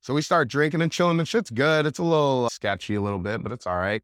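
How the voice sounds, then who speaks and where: Young man, podcast guest, mid-pitch, dry close studio sound, loose rambling storyteller. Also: fast talker, no echo. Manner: animated, heavy use of "like", laughs while telling. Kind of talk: casual storytelling.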